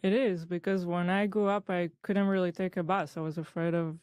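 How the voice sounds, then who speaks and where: A man's voice: high voice, little pitch movement, fairly quick, a little mellow, smooth, no room sound. A man agreeing along in a podcast conversation, eager to say yes.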